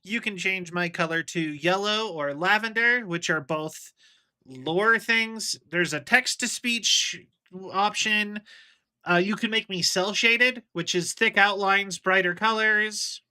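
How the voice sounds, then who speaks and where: A livestreamer with a high voice chats casually while playing a video game, speaking slowly in a bright, forceful, clean tone. He rambles, explaining things at length with plenty of fillers.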